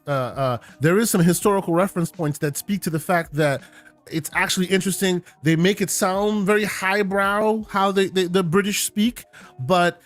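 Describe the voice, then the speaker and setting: A man's voice: high-pitched, moderate pace, faint music behind. A man co-hosting a casual gaming podcast, explaining things at length with lots of fillers. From United States. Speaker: podcast co-host.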